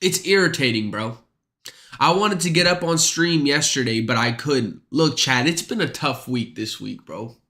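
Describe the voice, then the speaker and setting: A congested man talks on a livestream with a bright, forceful tone while short of breath. He rambles casually, swears freely and often stumbles and repeats his words. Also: medium pitch, animated, moderate pace. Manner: rambling, profane, stammers and repeats himself. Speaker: streamer.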